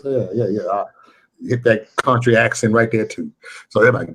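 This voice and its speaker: A man's voice: on the low side, fairly even intonation, fairly quick, rough recording. A man hosting a late-night livestream, talking crude, boastful and petty, and repeating his phrases. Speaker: livestream host.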